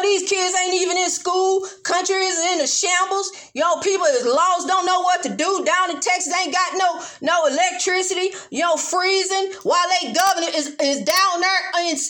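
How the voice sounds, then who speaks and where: A woman's voice: very high-pitched, fairly bright tone. A woman preaching in a fervent, repetitive monologue with a church cadence.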